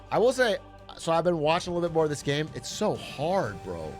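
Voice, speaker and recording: A man's voice: on the high side, wildly swooping pitch, fairly quick. A young man streaming a strategy game, chatting casually, joking, swearing and talking himself through nerves. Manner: jokey, swears, repeats himself when nervous. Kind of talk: casual gameplay chat. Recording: faint game music behind.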